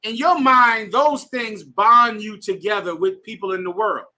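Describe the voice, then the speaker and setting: A man's voice: high voice, measured pace, bright, forceful tone. A man teaching a bible class to students in a room, emphatic and slangy, telling readers to keep going. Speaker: scripture class instructor.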